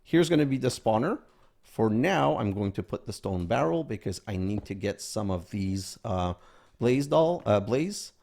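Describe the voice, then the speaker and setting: A man's voice: on the low side, lively intonation, unhurried, creaky, darkish tone, a little hiss or hum. A man hosting a gaming video, casually commenting as he plays and thinking aloud, sometimes counting items under his breath.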